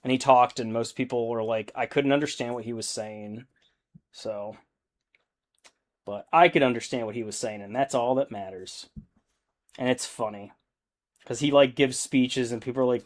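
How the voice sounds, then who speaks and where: A man's voice: mid-range voice, unhurried, long pauses. A young adult man chatting casually on a live stream while painting miniatures, rambling, thinking aloud and laughing easily.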